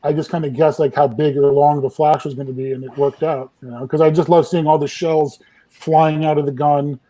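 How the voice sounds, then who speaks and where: A man's voice: fairly high pitch, brisk, rough recording. A man, a film still photographer, telling behind-the-scenes stories in a casual group chat and acting out what people said. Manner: animated storyteller, acts out quotes.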